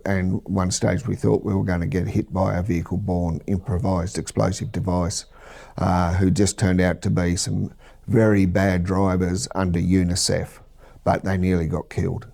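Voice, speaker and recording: A middle-aged Australian man, a military veteran, recounting war memories in a measured, halting interview. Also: deep voice, creaky, darkish tone.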